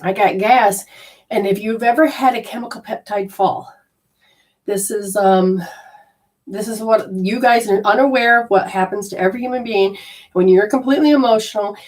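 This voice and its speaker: A woman's voice: mid-range voice, moderate pace, far from the mic. A woman telling a personal story in a talk, acting out the quoted dialogue in a chatty way. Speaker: spiritual healer giving a talk.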